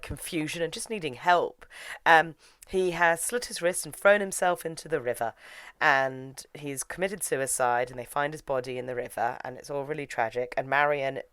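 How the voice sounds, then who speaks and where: Low-voiced woman, chatty and loose plot recap, dry close mic. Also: fairly bright tone, no echo. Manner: chatty, full of "like" and "you know". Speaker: reviewer.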